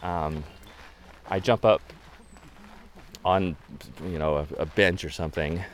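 A man with a deep, low-pitched voice tells a long story in a relaxed interview. He is a photographer describing the photo walks he leads, and he rambles with plenty of "um"s and restarts. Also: slow, slight background noise. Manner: rambling, chatty anecdotes with many fillers.

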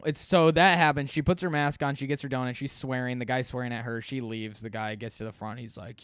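Man, casual story, rambling, swears a lot, smooth clear voice, dry close mic. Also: mid-range voice, fairly even intonation, a little fast, hardly any pauses, a bit bright, no room sound. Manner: rambling, self-deprecating, profane, many fillers.

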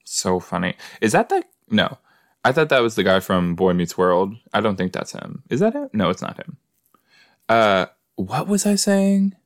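A man's voice: lowish voice, sing-song, normal speed, dry recording, studio quality. A man hosting a casual watch-along podcast, chatting in a rambling way and talking to his listeners. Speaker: podcast host.

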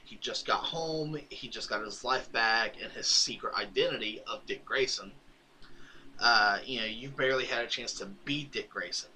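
A man's voice: mid-range voice, moderate pace, pushed and bright, a little hiss or hum, low-quality recording. A man co-hosting a podcast, casually retelling a comic book's story and quoting its characters with laughs along the way. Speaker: podcast co-host. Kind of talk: casual comic recap chat.

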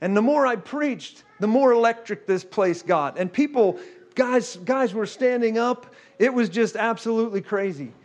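A male preacher with a high voice gets animated and fast during the story parts of his sermon, repeatedly saying "okay?" and "guess what."

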